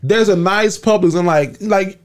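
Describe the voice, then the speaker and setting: A man's voice: sits high, normal speed. A man co-hosting a comedy podcast, telling stories in a laid-back way and acting out other people's lines. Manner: laid-back storytelling, acts out voices of others. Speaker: podcast co-host. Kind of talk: casual comedy podcast chat.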